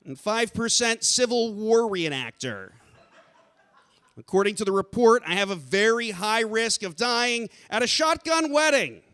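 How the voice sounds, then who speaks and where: A man doing a stand-up set on a theater stage, deadpan and self-deprecating, bursting into shouted rants. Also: high voice, a little slow, clear, resonant tone. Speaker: stand-up comedian.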